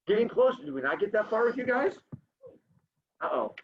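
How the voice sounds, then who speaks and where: A male teacher reads a story to his class over a video call and breaks off for playful jokes with the students. His voice sits high and swoops widely up and down. The call audio is muffled and low-fidelity. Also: big pitch swings, normal speed, slight background noise. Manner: playful, joking asides to students. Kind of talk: reading a story aloud to a class. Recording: dull lo-fi sound.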